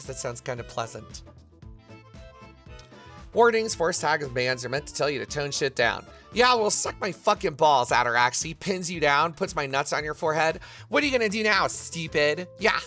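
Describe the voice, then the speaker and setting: Speaking at a fairly high pitch, this man sounds bright and forceful. During a casual livestream, he reads chat aloud and responds with joking banter full of crude profanity.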